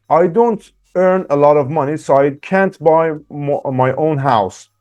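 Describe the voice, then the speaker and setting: A man's voice: fairly high pitch, mellow. A man teaching English, going through workbook answers and encouraging learners. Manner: encouraging, reads answers aloud slowly.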